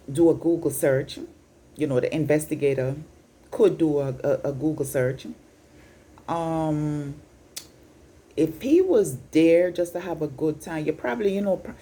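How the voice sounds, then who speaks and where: A woman's voice: low-pitched, dark tone, slightly rough. A Jamaican woman in her fifties giving an incredulous, scolding opinion vlog, slipping in and out of patois. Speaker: vlogger.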